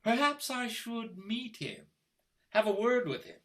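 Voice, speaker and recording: A man's voice: extremely high pitch, sing-song, a bit bright, full character voice. An older man playing a scornful, mocking husband. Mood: taunting. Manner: taunting, mocking, coldly deliberate. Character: scornful middle-aged husband baiting his wife. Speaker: actor in a play. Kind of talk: stage play acted over video call. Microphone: computer mic on a video call.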